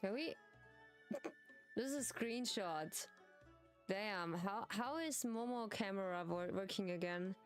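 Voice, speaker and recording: German-accented woman gaming streamer, slow halting english, lots of giggles, faint game music behind. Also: medium pitch. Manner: halting non-native English, giggly, chatty with restarts. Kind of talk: casual gaming stream chat.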